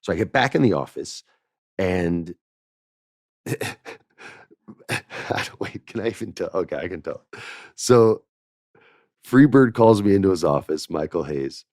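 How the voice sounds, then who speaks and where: A middle-aged man with a low, deep voice tells a casual story on his podcast. He acts out the dialogue with bursts of laughter. The recording is dry and close, with no room sound. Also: unhurried, long pauses, no echo. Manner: animated anecdote-telling with laughs and quoted dialogue. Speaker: podcast host.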